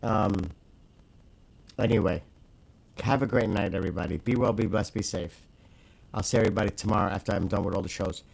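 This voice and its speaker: A man in casual live-stream chat, blunt and excitable, swearing freely as he talks to the host and viewers. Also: low-pitched, fairly quick, creaky, long pauses, rough recording.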